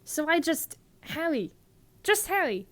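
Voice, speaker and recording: A woman's voice: extremely high pitch, sing-song, measured pace, pitched above the performer's own voice, exaggerated voice. A woman voicing an anxious young boy wizard in a comedic script reading. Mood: startled.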